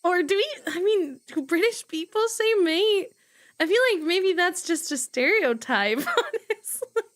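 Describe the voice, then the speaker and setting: A woman's voice: very high-pitched, expressive, measured pace, fairly bright tone. A woman streamer chatting casually between reading passages, giggly and rambling, easily sidetracked. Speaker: voice acting streamer. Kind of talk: casual chat.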